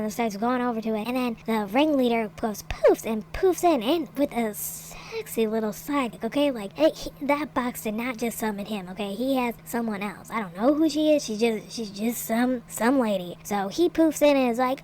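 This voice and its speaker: Chatty woman recapping a show, rambling. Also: fairly high pitch. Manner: rambling, lively retelling with quick put-on quotes. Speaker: reaction video host. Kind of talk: casual recap of a TV episode.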